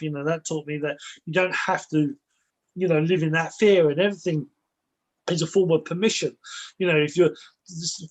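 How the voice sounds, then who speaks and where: Rambling, higher-voiced man in conversation. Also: rough recording. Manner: rambling, with frequent repeated words and restarts; reflective, explaining ideas through personal stories. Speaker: guest, spiritual and martial arts teacher. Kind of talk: casual conversational interview.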